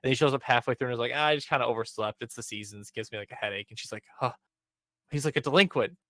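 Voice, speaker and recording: Rapid-fire and mid-range, a young man's voice runs through a podcast episode recap in a casual chat. He performs the characters' lines in an animated way, sprinkling in many "um"s and "like"s. The recording has no echo.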